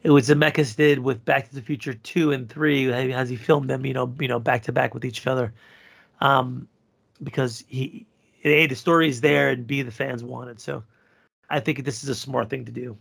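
Gravelly, husky man in crude podcast banter. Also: medium pitch, fairly even intonation, normal speed, fairly bright tone. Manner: crude, joking, rambling. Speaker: podcast co-host. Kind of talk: casual podcast chat.

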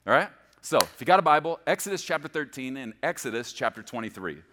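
A male preacher delivers a sermon with a bright, forward voice that swings widely up and down in pitch. He rushes some phrases and draws others out slowly for emphasis, and keeps checking in with the congregation. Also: a little hiss or hum. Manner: animated, emphatic, speeds up and slows down for stress; checks in with the congregation, repeating "okay?". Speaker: pastor.

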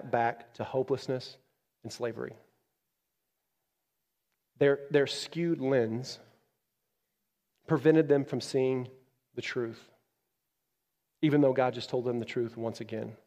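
A man preaching a sermon as a pastor, moving from loud, emphatic peaks down to quiet, low passages. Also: fairly even intonation, slow pace, long pauses, long reverb tail. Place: church.

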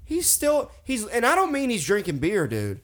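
Dude in his late 20s, crude casual chat, swears constantly, gets animated telling stories. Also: sits high, normal speed. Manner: animated storyteller, swears a lot, says "dude" often.

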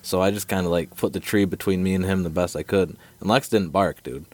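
A man with a very deep voice tells a long story in casual, profane podcast chat, leaning on fillers as he goes. The sound is dry and close, with no room around it. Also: brisk, dry recording. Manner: profane, animated storyteller, fillers like dude and right. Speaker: podcast co-host.

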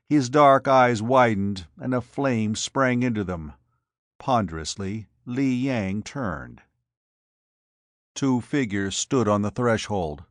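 A man reading an adventure story aloud in a measured, dramatic way. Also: on the low side, dry recording. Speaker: audiobook narrator. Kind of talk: scripted narration.

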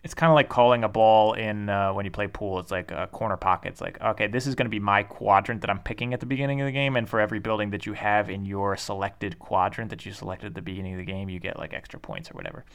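Male podcast co-host, easygoing and halting, clean resonant tone. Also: lowish voice, gravelly, clean tone. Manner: rambling, halting, with many fillers and laughs. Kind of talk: casual board game podcast chat.

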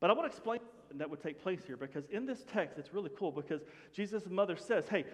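A man preaching a sermon to his congregation in an animated, conversational way, often dropping to a hush. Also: high voice, fast. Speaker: pastor. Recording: long hall reverb.

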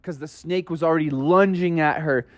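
A man's voice: on the high side, moderate pace, no room sound. A man improvising a playful, dramatic story for children.

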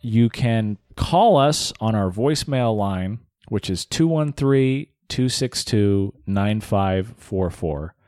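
A man's voice: fairly low pitch, lively intonation, takes it slowly, hardly any pauses, a little mellow, dry recording, faint music behind. A man in his late thirties co-hosting a casual podcast in a dry, sardonic way. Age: 30s. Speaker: podcast co-host.

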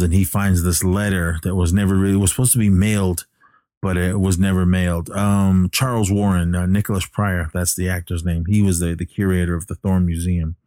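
A man with a very low, mellow voice recaps a film plot in a relaxed, halting way, full of restarts and filler sounds. The sound is dry and close, with no room echo.

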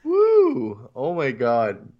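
A man's voice: mid-range voice, huge pitch swings, drawn-out words, dull audio. A man co-hosting a podcast, reacting to a cartoon with crude jokes, swearing and laughter. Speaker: podcast co-host. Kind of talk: casual chat, crude jokes.

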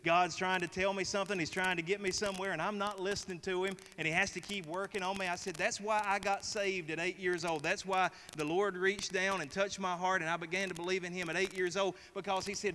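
Leading the congregation in a sermon, this middle-aged pastor speaks fairly quickly with few pauses, emphatic and repetitive. His voice is high, steady, and fairly bright, echoing in a reverberant hall with faint noise.

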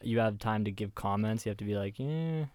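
A man in his 20s co-hosts a casual podcast chat, speaking fast in a fairly low, monotone voice with a darkish tone on a dry recording. He tells jokey stories, swearing casually as he goes.

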